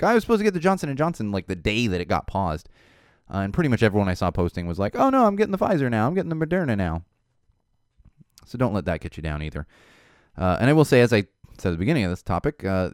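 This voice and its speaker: A man delivers an animated, emphatic monologue with a pitch that rises and falls in lively sweeps. The sound is dry and close, with no room around it. He hammers key words and repeats them when upset. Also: smooth, no room sound. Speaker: show host. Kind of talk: casual monologue.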